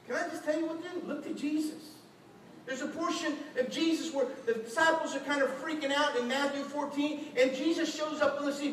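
A man preaching a lively sermon as a pastor, acting out quotes with shouts and laughter. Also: extremely high pitch, fairly quick. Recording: echoey hall, distant mic, faint noise.

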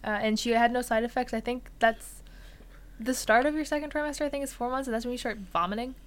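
A woman's voice: on the high side, fast talker. A young woman casually recounting a true crime case as a podcast co-host, loose and filler-heavy. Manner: relaxed, filler-heavy telling with frequent "like" and "uh".

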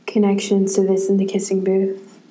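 A woman's voice: mid-range voice, completely flat delivery, moderate pace, mellow, slight background noise. A young woman co-hosting a casual chat podcast, giggly and reading quiz options aloud. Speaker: podcast co-host.

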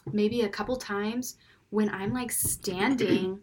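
A woman's voice: medium pitch, takes it slowly, background noise. A young woman, a mother, chatting casually as a podcast co-host and acting out stories about her young son. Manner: animated storytelling, acting out her son and herself. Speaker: podcast co-host, mother of a five-year-old. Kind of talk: casual chat.

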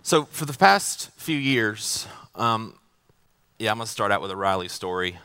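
A man's voice: on the low side, lively intonation, unhurried, pushed and bright, smooth. A man preaching a sermon as pastor. He tells a family story in a casual, joking way and often repeats his words as he goes.

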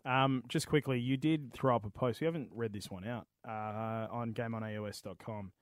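A man's voice: mid-range voice, fairly even intonation, normal speed, clean tone, no echo, studio quality. An Australian man co-hosting a gaming podcast, agreeing with his mate and explaining his view in casual chat. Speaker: podcast co-host.

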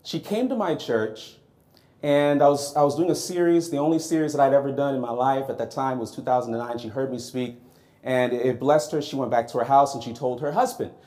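A man preaching a sermon, telling a personal story in a lively, conversational way and acting out his own reactions. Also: medium pitch, fairly quick.

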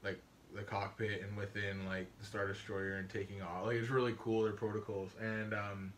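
A young man from Canada co-hosting a podcast in casual chat, rambling and excited with lots of fillers. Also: lowish voice, normal speed, a little hiss or hum. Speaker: podcast co-host.

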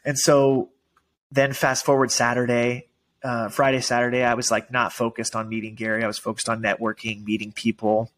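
Man, podcast guest, excited emotional storytelling, lots of "like" and "dude", mid-pitched voice. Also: moderate pace. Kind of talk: casual storytelling.

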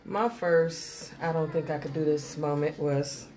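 A woman's voice: low voice, fairly even intonation, a little slow, very noisy. A woman co-hosting a casual chat, frank and plain-spoken.

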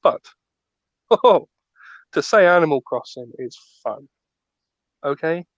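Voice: medium pitch, lively intonation, slow pace, dry recording. A podcast co-host in casual chat, ranting with stammering restarts. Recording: dull lo-fi dry recording.

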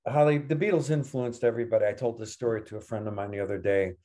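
A man's voice: on the low side, fairly even intonation, rapid-fire, mellow. An older man co-hosting a podcast, telling long anecdotes in a casual, rambling way, full of restarts and quoted dialogue. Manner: rambling anecdotes with self-corrections. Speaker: podcast co-host. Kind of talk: casual storytelling.

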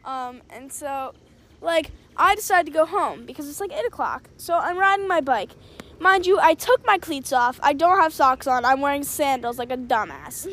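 Young woman, high voice, blunt and offhand, swears a bit while telling a story. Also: animated, moderate pace, a bit bright. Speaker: co-host. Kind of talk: casual chat.

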